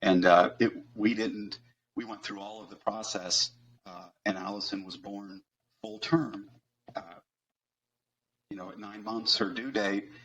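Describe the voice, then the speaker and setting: A middle-aged man telling a personal story as a podcast guest, earnest and halting, with frequent fillers. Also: fairly low pitch, steady tone, a bit bright.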